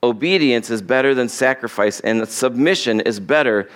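Male pastor, conversational sermon, acts out quotes, mid pitch. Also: moderate pace, a bit bright.

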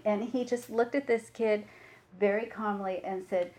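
A woman giving a dharma talk as a meditation teacher, reflective and unhurried, with frequent pauses and fillers. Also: mid-range voice, fairly even intonation, warm tone.

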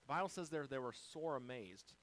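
A male pastor preaching a sermon, swinging from quiet, low passages to loud, high-pitched exhortations. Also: lively intonation, a little fast, poor audio.

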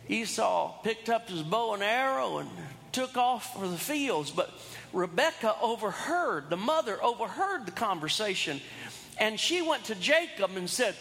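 A man's voice: sits high, sing-song, measured pace, creaky, fairly bright tone, big-room sound, a little hiss or hum. A man preaching a sermon, retelling a story in a folksy, humorous way with asides to his congregation. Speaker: pastor.

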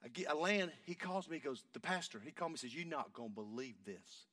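A man, preaching a sermon and telling a story, going from hushed talk up to shouting. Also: a little high, animated, fast talker, dry recording, far from the mic.

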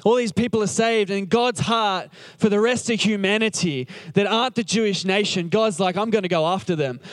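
His voice sits high and he keeps a moderate pace while chattily retelling a Bible story from the pulpit. Playful and informal, he performs the characters' dialogue as part of the casual sermon.

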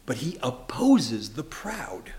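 A man's voice: medium pitch, wildly swooping pitch, slow pace, darkish tone. A man preaching a sermon in an earnest, emphatic manner, often breaking into light laughs. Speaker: pastor.

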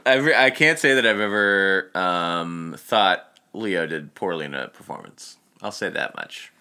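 Laid-back, bright-voiced film fan. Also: low voice, animated, measured pace, smooth. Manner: laid-back, enthusiastic, hesitant. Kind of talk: casual film chat.

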